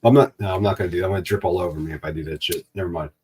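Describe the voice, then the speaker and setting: A lower-voiced man chats in an easygoing, joking way on a late-night stream. Light background noise and faint clicks sit behind his voice. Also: fairly even intonation, rapid-fire, a little mellow. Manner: laid-back, joking, chats to viewers.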